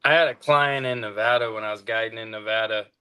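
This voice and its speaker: Laid-back hunting guide guy, bright sharp voice, dry jokes. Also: fairly low pitch, quick pace, clear, resonant tone. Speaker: hound hunting guide, co-host. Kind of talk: casual storytelling chat.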